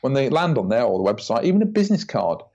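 A man's voice: medium pitch, fast. A man, a podcast guest chatting casually and acting out quoted voices as he tells stories. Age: 40s. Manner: animated storyteller, acts out quoted voices. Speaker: podcast guest, branding consultant. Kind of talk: casual interview chat. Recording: dull lo-fi audio.

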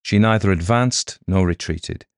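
Low deep guy narrating an audiobook, even steady read, dry close mic. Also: unhurried, clean tone, no room sound. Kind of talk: scripted narration.

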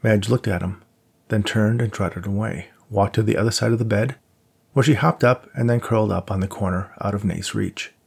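A man with a low, gravelly voice reads a novel aloud. His tone is husky and a little rough at the edges. He keeps a steady, measured pace and shifts his voice slightly for the characters. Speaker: audiobook narrator. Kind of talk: scripted narration.

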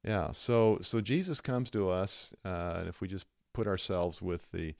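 Lively low-voiced male podcast host. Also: measured pace, vocal fry, clean tone, no room sound, studio quality. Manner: animated storytelling, acts out quoted voices. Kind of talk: conversational faith podcast.

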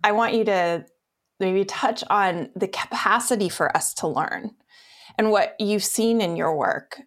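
A woman's voice: mid-range voice, a little slow. A woman hosting an interview, asking curious questions and encouraging her guest. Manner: curious, encouraging listener who laughs along. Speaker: interviewer host. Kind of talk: interview conversation.

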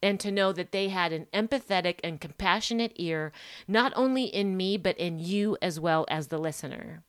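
A woman's voice: fairly low pitch, moderate pace, no room sound, studio quality. A woman hosting a solo podcast, talking emphatically and stacking rhetorical questions with frequent "right?" tags. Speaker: podcast host.

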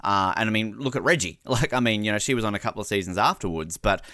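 An Australian man co-hosting a podcast in casual chat, animated and swearing freely. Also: fairly low pitch, fast, no echo, clean studio sound. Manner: animated, swears freely, does mimicking impressions. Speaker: podcast co-host.

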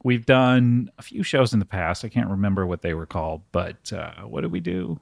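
A man's voice: fairly low pitch, normal speed, vocal fry, no room sound. A man in his forties hosts a comedy podcast, his voice swinging up and down as he jokes and laughs. The sound is close and dry, with no room around it. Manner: laughs often, animated jokey delivery. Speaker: podcast host. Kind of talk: comedic casual chat.

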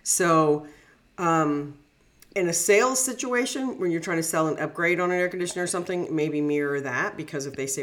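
A woman's voice: low voice, fairly even intonation, fast talker. A middle-aged woman, a negotiation coach, chatting animatedly on a podcast, laughing easily and acting out examples. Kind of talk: casual podcast chat.

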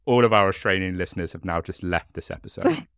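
Low-voiced English podcast host. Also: male voice, fast, fairly bright tone, clear, resonant tone, no room sound, clean studio sound. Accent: southern English. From England. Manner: chatty, joking, many ums and laughs. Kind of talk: casual podcast chat.

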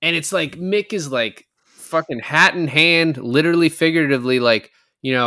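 Man, podcast co-host, bright tense voice, casual, retells scenes with quotes. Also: a little high, moderate pace. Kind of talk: casual movie review chat.

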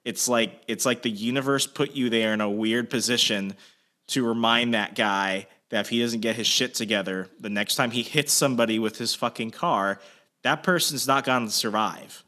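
A man hosting a casual chat, telling a story with lots of swearing and shouted quotes. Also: medium pitch, moderate pace. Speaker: host.

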